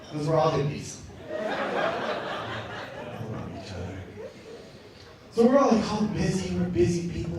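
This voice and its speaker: A man doing a stand-up routine on a comedy club stage, rambling, repeating himself and bursting into shouted punchlines. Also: extremely high pitch, very animated, moderate pace, long pauses, crowd noise. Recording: echoey club, distant mic, audience noise.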